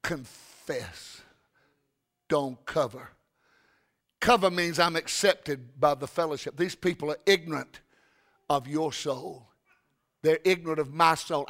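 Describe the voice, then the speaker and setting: A preacher with a high, piercing, very bright voice. He tells his story in an animated way, stumbling over restarts and then erupting into loud bursts as he drives home his sermon.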